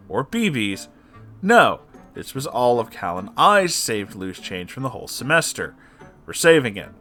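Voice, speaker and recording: A man reads a dramatic online story aloud in an ordinary middle-pitched voice. He drops into sarcastic, swearing asides between the lines. Soft guitar music plays faintly underneath. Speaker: story reader.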